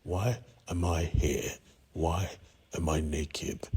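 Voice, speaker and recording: Panicky young vampire woman, man doing her, deep breathy voice, story recap. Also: fairly even intonation, takes it slowly, darkish tone, heavily acted. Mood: scared. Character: frightened young woman newly turned vampire.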